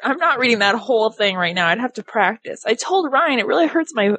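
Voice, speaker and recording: A woman's voice: a little high, expressive, fairly quick, bright, forceful tone. A woman co-hosting a podcast, chatting in an enthusiastic, playful way. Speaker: podcast co-host. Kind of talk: casual chat.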